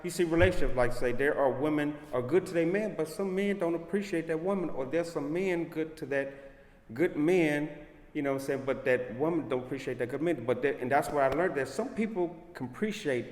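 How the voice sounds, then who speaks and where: A man's voice: fairly high pitch, a little fast. Earnest man in an echoey room. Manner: earnest and warm-hearted, repeats "you know what I'm saying". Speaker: interview guest. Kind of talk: casual interview chat. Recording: echoey room with long reverb.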